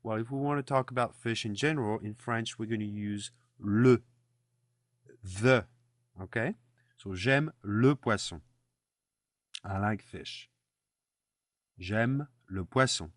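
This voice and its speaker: Here a man's fairly low voice takes things slowly, with long pauses, captured in clean, dry studio sound. He is teaching French through repeat-after-me drills, patiently explaining pronunciation and saying phrases for the listener to echo.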